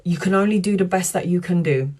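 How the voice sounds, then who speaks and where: A woman tarot reader talking earnestly to viewers on a live stream, in a chatty, warm-hearted way. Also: fairly low pitch, fast talker. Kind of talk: live-stream spiritual talk.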